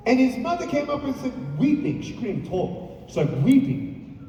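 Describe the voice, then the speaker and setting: A man giving an animated motivational speech from a stage, telling stories with playful asides to the crowd. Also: extremely high pitch, normal speed, a little hiss or hum. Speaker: motivational speaker. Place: large hall on stage. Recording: echoey hall from far off.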